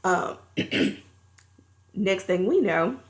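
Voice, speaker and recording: A woman's voice: on the low side, big pitch swings, very slow. A woman reviewing a movie, recapping the plot in a chatty, colloquial storytelling way.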